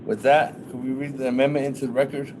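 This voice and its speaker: A man's voice: medium pitch, little pitch movement, fast, noisy background. Man chairing a council session. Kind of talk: chairing a meeting.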